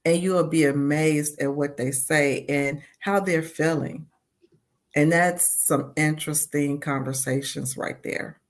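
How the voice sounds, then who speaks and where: A woman's voice: deep voice, steady tone, unhurried. A woman being interviewed as a community advocate, speaking in a heartfelt, earnest way and often saying "you know.". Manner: heartfelt, repeats "you know", voices her own thoughts aloud.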